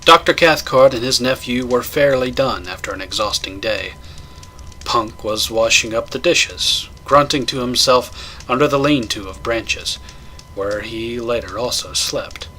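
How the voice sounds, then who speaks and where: A man doing a measured, dramatic audiobook-style reading of a horror tale. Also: mid-range voice, sharp tone, a little hiss or hum. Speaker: narrator.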